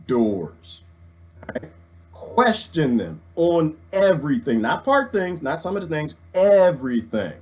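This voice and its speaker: A man rants on a livestream in a jokey, preachy way, swinging from loud to hushed. His voice sits a bit high and bounces all over. He sounds wired on coffee. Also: sing-song, measured pace. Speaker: vlogger reading live comments. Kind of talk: animated livestream rant.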